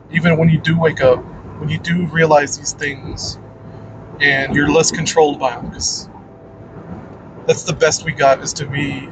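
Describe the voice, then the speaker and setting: A man's voice: fairly high pitch, noisy background. A man giving a casual, rambling monologue about faith, blunt and full of "like" and "man.". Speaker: channel host.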